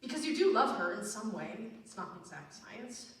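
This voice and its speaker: A woman's voice: on the high side, sing-song, moderate pace, a bit bright. A woman playing a wistful, middle-aged male musical fan who talks straight to the audience, confiding and rambling, recorded from far off in an echoey theater. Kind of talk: stage monologue.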